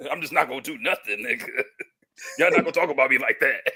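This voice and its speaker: A man's voice: mid-range voice, normal speed, sharp tone, slightly rough. A man co-hosting a podcast, telling rowdy, slangy stories in casual chat. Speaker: podcast co-host.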